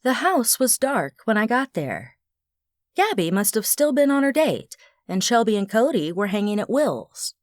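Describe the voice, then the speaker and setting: Lively woman narrating an audiobook. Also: on the high side, moderate pace, no echo, clean studio sound. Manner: expressive, wry storytelling. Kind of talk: first-person audiobook narration.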